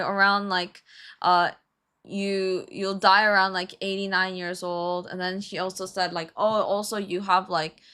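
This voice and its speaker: A young woman streamer telling a story in a casual, animated way, laughing and swearing as she goes. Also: medium pitch. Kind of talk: casual storytelling while building a model kit.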